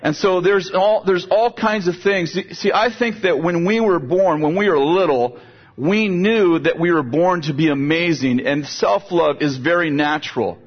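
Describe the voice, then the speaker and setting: Husky older man preaching casually. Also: fairly high pitch, normal speed. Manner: conversational, repeats words while building a point. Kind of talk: sermon with storytelling. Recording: dull, lo-fi sound.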